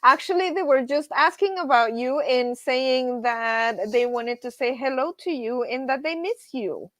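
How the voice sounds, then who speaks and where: A woman hosting a casual live stream, telling stories in an animated way and laughing often. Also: high voice, a little slow, no room sound. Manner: animated storyteller, says y'all, laughs often. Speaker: livestream host.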